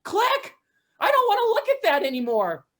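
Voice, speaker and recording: An improv performer, a young woman, portrays an excitable dog owner at a park. Her high-pitched delivery is measured in pace, animated, and prone to shouting.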